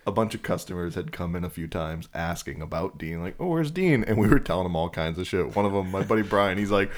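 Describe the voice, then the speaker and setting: Deep-voiced male podcast co-host, crude and jokey. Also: steady tone, fast. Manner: crude, laughing storyteller. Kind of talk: casual chat. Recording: quieter mic, some distant bits.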